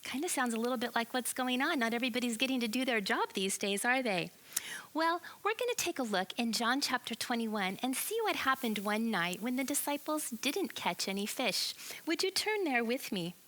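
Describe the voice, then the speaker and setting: A woman tells a Bible story to children in an animated, questioning way, drawing them in as she goes. Her voice is bright and crisp, sitting a little high, in a friendly teaching manner. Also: moderate pace, low-quality recording.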